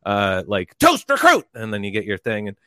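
A man telling a long story in casual chat, rambling and animated, and bursting into loud quoted lines. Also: on the low side, brisk, clear, resonant tone, dry recording, clean studio sound. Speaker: podcast guest telling a story.

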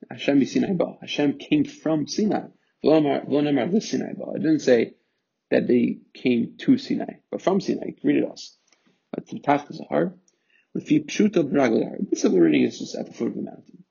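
Gravelly man teaching a Torah text. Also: mid-range voice, dark tone. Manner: reads Hebrew then explains in English, with fillers and restarts. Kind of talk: text study lesson, translating Hebrew line by line. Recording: muffled lo-fi recording.

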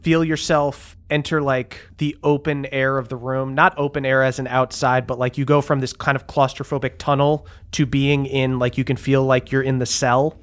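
A man's voice: mid-range voice, moderate pace, few pauses. A man narrating as game master in a tabletop game, describing scenes loosely with plenty of "like" and "um". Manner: relaxed, loose narration full of "like" and "um".

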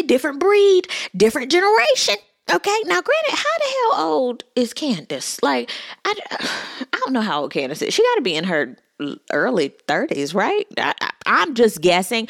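A young woman giving a sassy, animated casual recap at her computer, calling listeners honey and child. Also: medium pitch, dry recording, studio quality. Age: young adult. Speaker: reality TV recap podcaster. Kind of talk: casual commentary monologue.

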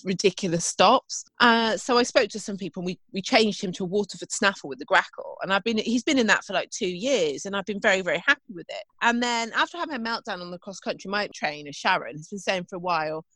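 A woman's voice: mid-range voice, fairly bright tone, no echo. A woman, co-hosting a casual chat and telling stories in a chatty, self-deprecating way. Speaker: podcast co-host and event rider.

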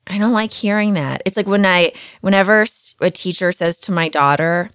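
A woman's voice: fairly low pitch, moderate pace, few pauses, fairly bright tone, clear, resonant tone, dry recording, clean studio sound. A woman hosting her own podcast, talking through a personal story in a chatty, candid, self-deprecating way. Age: adult mother. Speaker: podcast host. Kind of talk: casual podcast monologue.

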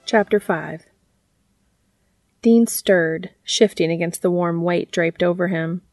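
A woman with a fairly low voice reads a story aloud in an even, measured way. She sounds intimate and close, and the recording is dry with no room sound. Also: dry recording. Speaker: narrator. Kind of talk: reading fan fiction aloud.

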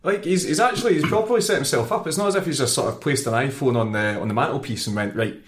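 A Scottish man co-hosting a casual podcast, bantering in an animated, quick way. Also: medium pitch, slight background noise. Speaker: podcast co-host. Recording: roomy echo.

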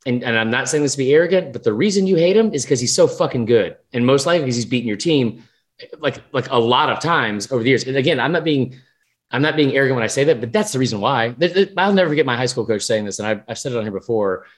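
A man co-hosting a sports podcast, talking in a rambling, animated, profane way. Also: mid-range voice, fast. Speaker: podcast co-host. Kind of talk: casual sports chat.

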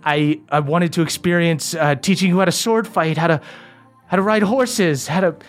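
A man voicing a long-lost mother, a gentle cursed woman, speaking tenderly in halting phrases. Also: mid-range voice, little pitch movement, soft background music, lightly acted.

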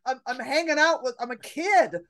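A middle-aged woman comedian telling brash stories in a casual podcast chat, acting out her own reactions loudly. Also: sits high, normal speed, no echo. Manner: brash storyteller, loud animated re-enactments. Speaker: comedian guest.

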